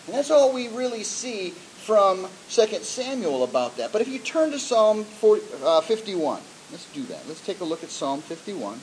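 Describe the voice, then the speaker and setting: A man's voice: sits high, very animated, normal speed, few pauses, a little hiss or hum, rough recording. A man preaching a sermon in a conversational way, with frequent fillers and restarts. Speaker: pastor.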